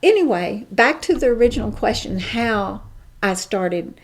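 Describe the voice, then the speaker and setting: A middle-aged woman guest telling a personal story in an interview, emphatic and animated, acting out the dialogue. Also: a little high, unhurried.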